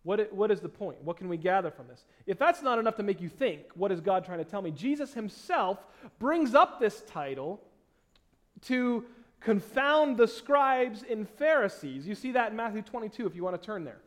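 A man preaching a sermon as pastor, reading scripture aloud with slowed, stressed phrases and swinging between loud emphasis and quiet asides. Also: high-pitched, sing-song.

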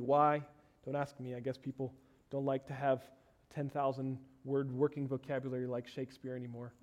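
A pastor preaching a sermon and leading a prayer, his voice climbing for emphasis and sinking low and quiet in prayer.

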